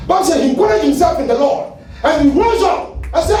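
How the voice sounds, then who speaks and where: A male pastor with a Ghanaian English accent, preaching a fiery sermon and shouting at its peaks. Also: very high-pitched, big pitch swings, brisk, soft background music. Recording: echoey hall, far from the mic, light noise.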